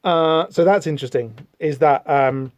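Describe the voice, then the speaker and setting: A man's voice: a little high, normal speed, dry recording. A man hosting a podcast, chatting casually through a comic book with rambling, wry asides. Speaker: podcast host.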